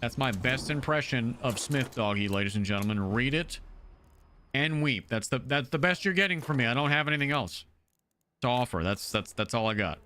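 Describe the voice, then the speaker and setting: A man streaming a video game live, chatting casually and excitably shouting thanks to his supporters. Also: mid-range voice, normal speed, a little hiss or hum.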